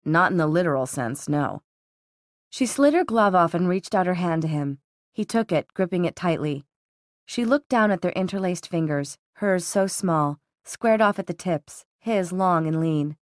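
A woman narrating a novel in an even, unhurried storytelling manner. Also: lowish voice, dry recording, clean studio sound. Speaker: audiobook narrator. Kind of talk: scripted narration.

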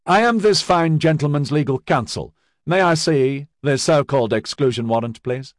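A man voicing a courteous, pompous male lawyer who speaks in a lofty, legalistic way, higher than his own voice. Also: moderate pace, no room sound, studio quality, natural voice. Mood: suave.

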